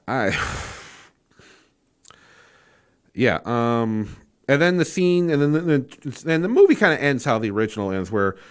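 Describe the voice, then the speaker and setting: A man's voice: medium pitch, big pitch swings, slow pace, pauses often. A man giving a casual spoken movie review, incredulous and exasperated, rambling with fillers and restarts and swearing freely.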